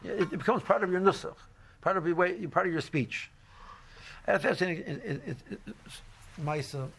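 A man's voice: sits high, lively intonation, normal speed, creaky, a bit bright, slight background noise. A middle-aged man teaching a casual Torah class, rambling with many fillers and restarts and mixing in Hebrew phrases. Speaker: yeshiva teacher.

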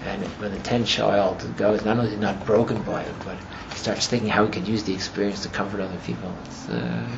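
A man teaching a class as he retells a story, rambling and filling his talk with "you know", and growing animated as the story builds. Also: fairly low pitch, fast talker, creaky. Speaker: religious teacher. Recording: muffled with steady background noise.

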